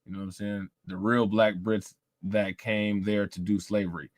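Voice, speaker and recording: A man hosts a live stream with studio-quality audio and no room sound, his voice on the low side and flat, at a moderate pace. He talks loosely and profanely, laughs often, and repeats himself in casual commentary.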